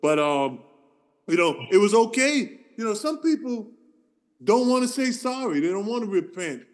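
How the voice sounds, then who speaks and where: A middle-aged man with a fairly high voice, co-hosting a podcast. He tells stories in a loose, animated way, laughs between lines and slips into voices for the people in them. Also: normal speed. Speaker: podcast co-host. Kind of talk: casual storytelling chat.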